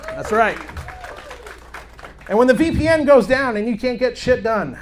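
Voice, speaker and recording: A man in his thirties on a club stage with a handheld mic, telling crude jokes in a brash, animated way. His voice sits high and swings widely in pitch, jumping up whenever he acts out someone. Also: normal speed, some chatter behind, slight background noise. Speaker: stand-up comedian. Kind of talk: stand-up comedy set. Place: comedy club stage with live audience.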